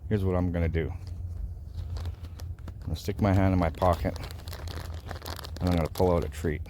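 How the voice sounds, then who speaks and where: A man's voice: sits low, steady tone, normal speed, warm tone, slight background noise. A man explaining dog training in a casual, folksy way, often checking in with "right?". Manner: folksy, repeats himself, asks "right?". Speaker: dog owner teaching training. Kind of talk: casual instructional vlog.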